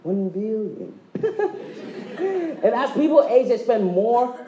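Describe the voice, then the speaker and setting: A man giving a motivational sales presentation, joking and quizzing the audience, acting out quick dialogues. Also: very high voice, big pitch swings, mellow, reverberant, dull audio. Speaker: presenter at a direct-sales meeting. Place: meeting room with live audience.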